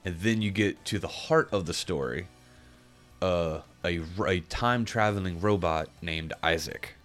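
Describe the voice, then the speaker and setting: A man with a very deep voice talks through a game in casual podcast chat. He rambles, restarts his sentences and hunts for the right words as he goes. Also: unhurried, a bit bright, soft background music. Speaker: podcast co-host reviewing a game.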